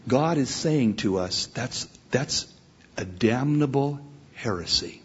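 A man's voice: mid-range voice, expressive, slow pace, slightly rough. A man preaching a sermon, telling a story with rising passion. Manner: storytelling, impassioned. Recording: dull lo-fi recording.

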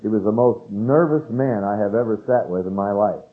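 An older man from California delivers an earnest, emphatic sermon in a fairly low voice. He leans into key phrases as he reads scripture aloud. The sound is narrow and tinny, like an old radio broadcast. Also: moderate pace. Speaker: pastor.

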